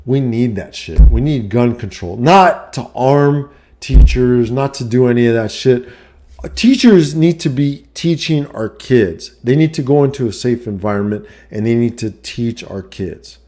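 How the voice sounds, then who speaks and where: A middle-aged man ranting casually on his vlog, profane and heated, swinging from low muttering to shouting. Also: unhurried. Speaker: vlogger and life coach.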